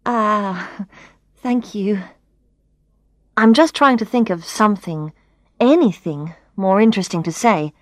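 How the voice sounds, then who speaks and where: Woman narrator, storybook reading, lively pitch, dry close sound. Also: no echo. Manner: expressive, clear, first-person reading. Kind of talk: scripted narration of a learners' story.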